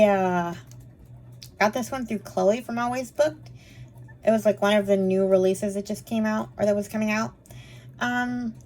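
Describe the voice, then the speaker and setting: A woman's voice: mid-range voice, a little mellow. Woman book reviewer, casual rambling wrap-up chat, filler-heavy and easygoing. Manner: chatty and rambling, frequent fillers and quick laughs.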